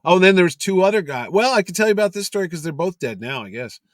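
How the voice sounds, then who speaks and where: A middle-aged man with a slightly raised voice tells lively anecdotes as a podcast guest. He acts out the other people in his stories. The sound is close and dry. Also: high voice, rapid-fire, dry recording. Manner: animated storyteller, acts out quotes. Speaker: guest, convention promoter. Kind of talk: casual anecdote telling.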